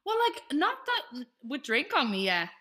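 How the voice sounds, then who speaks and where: A woman's voice: high voice, wildly swooping pitch, moderate pace, sharp tone. A young Irish woman co-hosting a podcast, chatting casually, swearing freely and telling stories with plenty of laughs. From Ireland. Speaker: podcast co-host. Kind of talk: casual chat.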